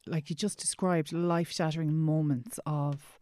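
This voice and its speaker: Woman, podcast host; low, mellow, empathetic, dry close sound. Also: steady tone, normal speed, no echo. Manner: gentle, empathetic, reflective. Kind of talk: interview conversation.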